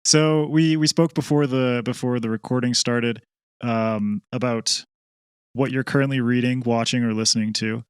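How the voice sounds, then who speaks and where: A man's voice: mid-range voice, steady tone, normal speed, clean tone, no room sound, studio quality. A man hosting a casual interview, joking and teasing his guest. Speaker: podcast host.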